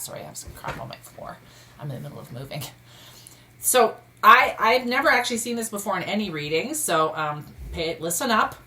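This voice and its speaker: A middle-aged woman talks through a tarot spread in a casual, blunt way, often breaking off to exclaim at the cards. Her voice sits a little low for a woman but sounds bright and forceful. She is recording at home in the middle of a move. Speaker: tarot reader. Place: home room during a move.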